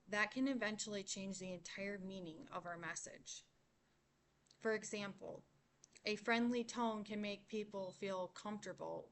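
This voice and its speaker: A young woman giving a class presentation, explaining points in a measured way and slowing on key words. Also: mid-range voice. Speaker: student presenter.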